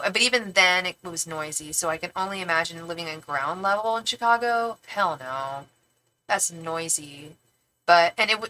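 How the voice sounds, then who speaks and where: A middle-aged woman from the Bay Area talks with a Northern California accent in a bright, forward voice. She hosts a casual livestream and chats freely, animated and slangy, with lots of "like" and some playful swearing. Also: fairly low pitch, poor audio. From San Francisco Bay Area, California. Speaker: tarot reader and livestream host. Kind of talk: casual livestream chat, reading viewer comments aloud.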